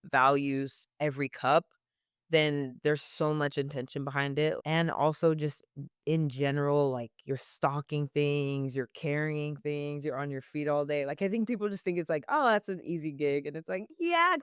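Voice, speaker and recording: A woman's voice: sits low, normal speed, smooth, no room sound, studio quality. A young woman working as a barista, answering interview questions casually with many "like" fillers and frequent laughs.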